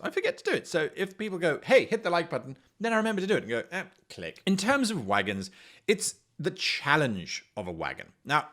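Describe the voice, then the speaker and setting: A man's voice: medium pitch, fairly bright tone. A man hosting an instructional video, giving game master advice in an enthusiastic, conversational way.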